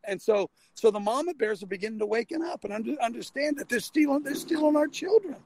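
A man's voice: very high voice, animated, fast, a little mellow, no room sound, rough recording. An older man hosting a casual call-in talk show, rambling and folksy with frequent restarts, talking from a vehicle.

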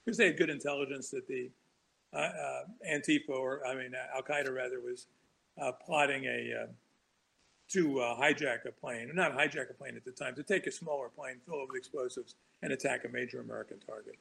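A man's voice: mid-range voice, fairly even intonation, a little fast, vocal fry, a bit bright, husky, low-quality recording. A man guesting on a talk show, telling long, rambling anecdotes with frequent restarts and chuckles. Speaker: author guest. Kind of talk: casual storytelling interview.

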